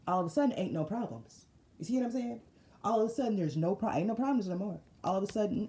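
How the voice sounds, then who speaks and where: A woman giving a casual spiritual tarot reading, telling it as an animated, slangy story with lots of repeated phrases. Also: mid-range voice, fast talker, reverberant. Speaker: tarot reader.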